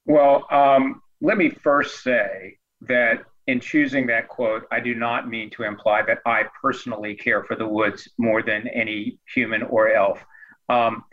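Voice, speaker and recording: A man speaking as a guest expert, explaining his ideas in a thoughtful, measured way with light self-deprecating humor. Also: mid-range voice, fairly even intonation, no echo, phone-quality sound. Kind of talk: conversational explanation.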